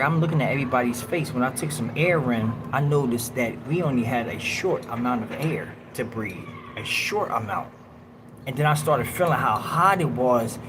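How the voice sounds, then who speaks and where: A man's voice: mid-range voice, noisy background. A man hosting a livestream, telling a long story in casual street slang and acting out other people's lines. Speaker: livestream host.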